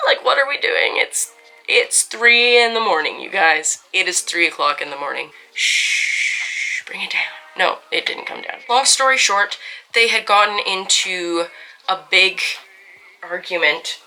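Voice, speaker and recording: A woman's voice: medium pitch, bright, forceful tone, rough recording. A young woman telling a story to camera in a casual, chatty way, full of asides and self-corrections.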